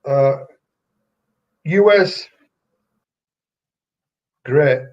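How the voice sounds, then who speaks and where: A man's voice: a little high, darkish tone, highs cut off. An older man from England with a Yorkshire accent, telling rambling stories in an interview, full of fillers and restarts. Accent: Yorkshire English. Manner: rambling, halting, many fillers. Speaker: retired wrestler, guest. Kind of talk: casual storytelling interview.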